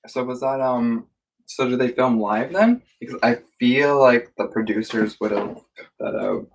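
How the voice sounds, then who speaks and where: A man chatting casually on a live stream while he eats at home, hesitant and full of filler pauses. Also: medium pitch, distant mic, rough recording. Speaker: livestream co-host. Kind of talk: casual chat while eating. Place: warm room at home.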